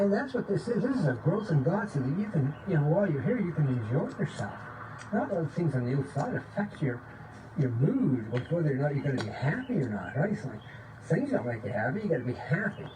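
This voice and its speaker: A man giving an informal, excited spiritual talk, often checking in with "okay?" and sometimes dropping to a low voice to demonstrate. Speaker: spiritual teacher. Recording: distant mic with faint background noise.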